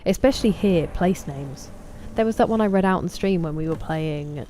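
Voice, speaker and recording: English girl chatting with her stream chat, lowish mellow voice, a faint hiss behind. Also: expressive, normal speed. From England. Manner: chatty, reads viewer names and greets them. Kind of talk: casual chat with live chat while gaming.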